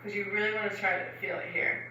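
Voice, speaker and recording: A woman instructor leads stretches in a casual, chatty manner, frequently using fillers and laughing. She talks fast with a medium-pitched, level voice, recorded from a distance with roomy echo and a noisy background.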